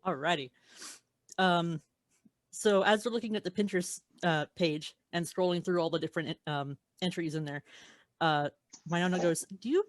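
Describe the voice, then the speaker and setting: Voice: mid-range voice, steady tone, moderate pace, dry recording, studio quality. A panelist improvising a spooky fan story in a casual, hesitant way with frequent fillers. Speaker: convention panelist.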